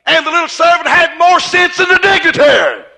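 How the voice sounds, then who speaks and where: Preacher guy, real high voice, folksy storyteller, gets shouty. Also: a little fast, gravelly. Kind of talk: sermon.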